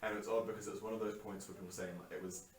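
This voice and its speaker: Rapid-talking low-voiced man host. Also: level tone. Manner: quick, thinking aloud, many restarts. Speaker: podcast host. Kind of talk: casual conversation. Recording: echoey room, distant mic, faint music.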